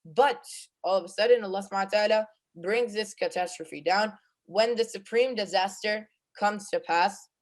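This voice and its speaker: A man's voice: sits high, normal speed. A male presenter who recites Arabic Quran verses, then explains them in English, with frequent fillers and restarts. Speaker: student presenter of Quran commentary.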